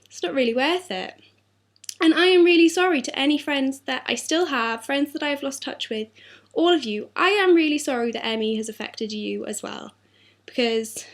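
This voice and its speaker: A young woman talking earnestly and apologetically in a personal video diary, her throat sore. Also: on the high side. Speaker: vlogger.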